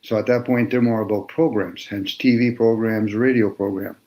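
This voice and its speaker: A man in casual chat, explaining his ideas in a slow, lecturing way and playing with the meanings of words. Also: fairly low pitch, fairly even intonation, a little mellow, rough recording.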